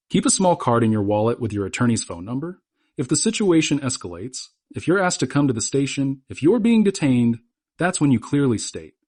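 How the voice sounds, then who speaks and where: Guy with a husky voice doing firm explainer narration, lively ups and downs, dry close sound. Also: medium pitch, no echo. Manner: firm, instructive, short punchy sentences.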